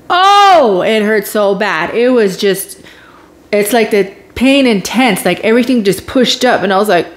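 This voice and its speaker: A woman vlogger with a mid-range voice recounts her own story casually and emotionally, sighing and groaning as she relives it.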